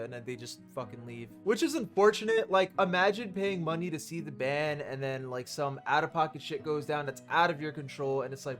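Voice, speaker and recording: High-voiced young man, casual commentary. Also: a little fast, few pauses, a bit bright, faint music behind. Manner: loose and profane, laughs between points. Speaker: host. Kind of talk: casual commentary on concert clips.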